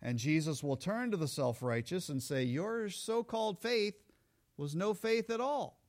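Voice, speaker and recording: A man preaching a sermon as pastor, lively and acting out the voices of the people he quotes. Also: high voice, measured pace.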